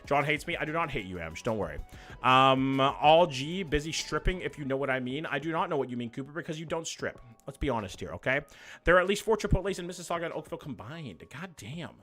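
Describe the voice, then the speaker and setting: A man's voice: on the high side, animated, quick pace, fairly bright tone, soft background music. A young man hosting a livestream, reading viewer comments in loose, profane, joking banter. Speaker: livestream host. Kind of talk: casual live chat reading viewer comments.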